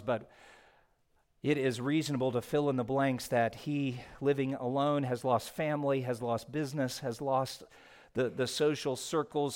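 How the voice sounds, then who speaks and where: A man preaching a sermon as pastor, moving between hushed and raised passages. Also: medium pitch.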